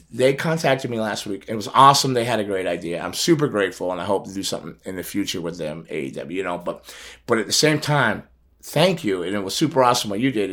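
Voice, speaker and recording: A middle-aged man with a fairly low voice, telling a personal story in loose, casual chat. He jumps into quoted conversations with lively shifts and laughs often as he goes. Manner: animated, acts out quoted phone calls, laughs often. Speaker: podcast host telling a story.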